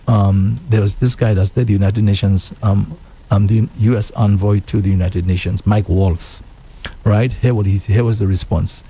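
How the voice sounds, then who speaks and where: Animated low-voiced man hosting talk radio. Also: normal speed, slightly rough. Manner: animated, repeats himself, quotes others in mock voices. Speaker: radio show host. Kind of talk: casual political talk.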